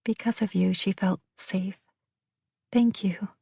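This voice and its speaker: A woman voicing a quiet, grateful mother. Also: medium pitch, fairly even intonation, takes it slowly, creaky, husky, dry recording, full character voice. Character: grateful mother of a young girl.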